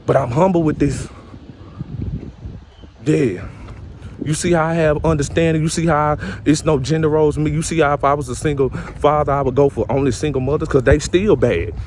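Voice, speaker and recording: A man's voice: on the high side, fairly even intonation, brisk, a little mellow, a little hiss or hum. A man vlogging a casual rant to his viewers, repetitive and full of street slang.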